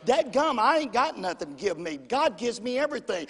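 High-voiced fervent preacher. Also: male voice, lively intonation, brisk, few pauses, husky. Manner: fervent, call-and-response preaching with repetition. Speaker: pastor. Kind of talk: sermon. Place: church sanctuary. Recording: long reverb of a large church hall.

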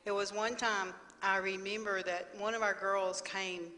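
Bright-voiced woman in a church hall. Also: mid-range voice, flat delivery, unhurried. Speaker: pastor's wife. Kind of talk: sermon conversation. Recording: long reverb of a large church hall.

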